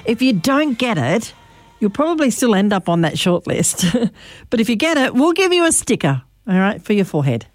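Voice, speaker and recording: A woman's voice: mid-range voice, big pitch swings, moderate pace, no room sound. An Australian woman radio presenter with a slight lisp, chatting through a station promo with laughs.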